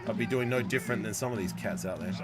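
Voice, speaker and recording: A man streaming a football video game live, chatting with viewers and swearing and shouting at plays. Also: fairly low pitch, quick pace, noisy background. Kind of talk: live gameplay commentary.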